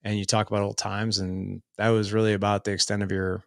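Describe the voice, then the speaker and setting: A man's voice: fairly low pitch, flat delivery, brisk, gravelly, no room sound, studio quality. A middle-aged man telling his story as a podcast guest, earnest and loose, with lots of "like" fillers. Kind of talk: casual storytelling in an interview.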